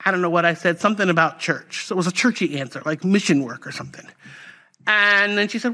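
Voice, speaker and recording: A woman's voice: on the low side, quick pace. A woman pastor preaching a personal testimony in a conversational, storytelling way. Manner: conversational, animated storytelling with fillers.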